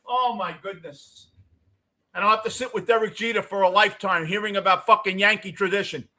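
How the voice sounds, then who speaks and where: A middle-aged man with a New York accent ranting as a postgame show host, cursing and swinging between yelling and muttering. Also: high voice, steady tone, brisk. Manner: profane, swings from shouting to muttering. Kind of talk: ranting fan commentary.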